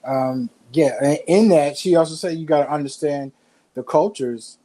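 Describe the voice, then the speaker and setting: A man with a Southern country accent and a mellow, warm voice talks easygoing and folksy. He co-hosts a church recap and fills his speech with "you know" and "man.". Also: on the high side, moderate pace, rough recording. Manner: laid-back, folksy, conversational, says "man" and "you know". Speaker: church co-host of a sermon recap. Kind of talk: casual church recap talk.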